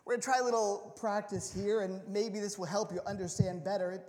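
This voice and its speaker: A man preaching a sermon as pastor of a church, playful and animated, often repeating words as he restarts a thought. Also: sits high, fairly quick, hardly any pauses. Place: church sanctuary. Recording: long hall reverb.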